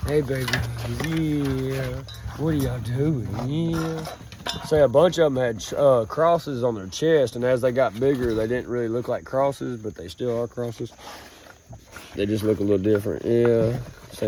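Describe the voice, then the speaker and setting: A man's voice: medium pitch, a little slow, background noise. A young man, rambling and swearing as he talks outdoors, calling the listener bro. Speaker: vlogger. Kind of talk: rambling outdoor vlog monologue. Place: outdoors in a rural grassy field.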